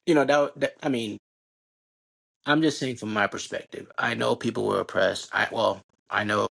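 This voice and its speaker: A middle-aged man from Haiti, a podcast guest telling animated, slangy stories about growing up. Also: fairly low pitch, normal speed, vocal fry. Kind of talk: casual storytelling conversation.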